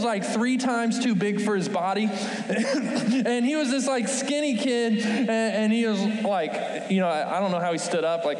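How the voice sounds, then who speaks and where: A man speaking to a youth group, telling a story in a rambling, animated way with many "like" fillers. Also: high voice, a little hiss or hum. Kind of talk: storytelling talk to students. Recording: echoey hall.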